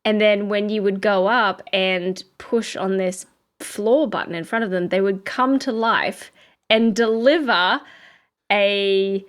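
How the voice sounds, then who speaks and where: A woman's voice: medium pitch, slow, clean tone. A woman with an Australian accent, co-hosting a podcast and telling stories in a chatty way with frequent laughs. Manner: chatty storyteller, laughs often. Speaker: podcast co-host. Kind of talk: casual chat.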